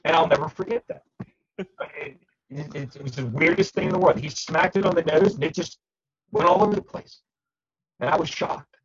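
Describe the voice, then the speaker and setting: A man co-hosting a podcast, casually telling anecdotes in an animated way. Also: moderate pace, pauses often, husky, muffled recording. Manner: animated storyteller, jumps high for quoted shouts. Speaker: podcast co-host. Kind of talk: casual storytelling chat.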